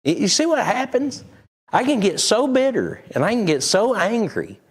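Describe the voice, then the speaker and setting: A man's voice: sits high, big pitch swings, moderate pace, husky. A man preaching a sermon, talking candidly and conversationally. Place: church sanctuary.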